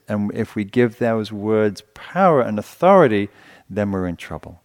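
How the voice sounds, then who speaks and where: Deep-voiced man giving a dharma talk. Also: animated, moderate pace. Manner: gentle, conversational, searching for words. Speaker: meditation teacher.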